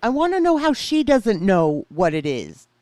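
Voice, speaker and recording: A woman's voice: medium pitch, very animated, normal speed, dark tone, dry recording. A woman hosting live reaction commentary, making blunt, skeptical remarks and greeting her chat. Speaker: commentary streamer reacting to a clip.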